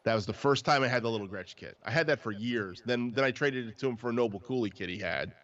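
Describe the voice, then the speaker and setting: A man's voice: medium pitch, fast, fairly bright tone. A man hosting a casual live chat about drums, telling long rambling stories with lots of restarts. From New Jersey. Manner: rambling storyteller with many restarts. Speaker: drummer and podcast host. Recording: dull lo-fi livestream audio.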